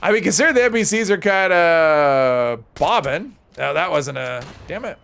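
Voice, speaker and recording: A man's voice: on the high side, animated, moderate pace, vocal fry, fairly bright tone, slight background noise. A man streaming a video game, chatting casually with his viewers and rambling, often restarting and correcting himself. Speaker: live streamer. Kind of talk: casual gameplay commentary while reading chat.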